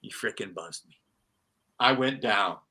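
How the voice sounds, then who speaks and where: A middle-aged man, once a sportscaster and now retired, tells animated stories in a casual interview, restarting often and using plenty of fillers. His voice is on the low side and unhurried, with a breathy edge.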